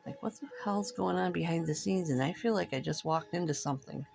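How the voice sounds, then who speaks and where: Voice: mid-range voice, brisk, vocal fry, darkish tone, slight background noise. A middle-aged vlogger chatting casually over coffee, frank and profane, rambling and laughing between thoughts.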